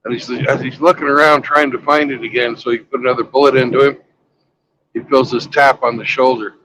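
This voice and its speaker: A man's voice: medium pitch, steady tone, fairly quick, background noise. A man on a road trip telling a crude joke in a loose, rambling, casual way. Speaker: vlogger. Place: travelling by road.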